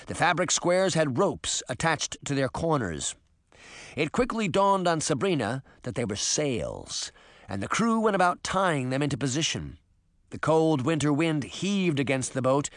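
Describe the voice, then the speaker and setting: A man narrating an audiobook in an expressive storytelling manner. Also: a little high, no room sound, studio quality. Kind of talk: scripted narration.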